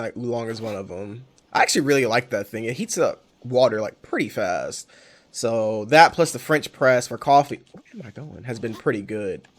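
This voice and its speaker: A young man streaming a game, chatting casually and rambling, correcting himself often and swearing freely. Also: medium pitch. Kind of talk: casual chat while playing a game.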